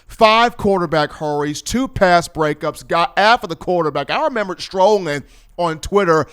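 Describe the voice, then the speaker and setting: A man hosting a sports talk show, talking in an animated, playful storytelling manner. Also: high voice, normal speed, smooth. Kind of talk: energetic sports talk commentary.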